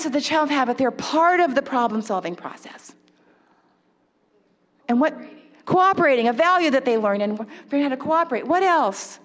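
A woman giving an animated lecture to a live audience and asking them questions. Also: high-pitched, moderate pace, big-room sound. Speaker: parenting workshop speaker.

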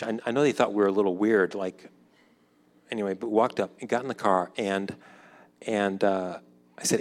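Guy in his 50s telling a personal story, chatty, does everyone's voices, echoing around a big hall. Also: on the low side. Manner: conversational, acts out quoted dialogue, drops softer when reflective. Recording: long hall reverb.

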